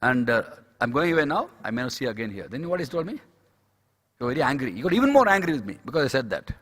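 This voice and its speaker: Male preacher, slightly husky, highly animated, repeats key phrases, reverberant conference hall. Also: very fast. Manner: storytelling, acts out dialogue, repeats key phrases. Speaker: speaker at a medical Christian conference. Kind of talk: devotional sermon.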